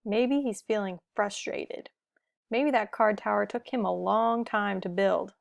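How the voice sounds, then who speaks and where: A woman reading a picture book aloud to children, gentle and asking the listener questions. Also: medium pitch, steady tone, measured pace, creaky, dry recording, studio quality. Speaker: storybook reader.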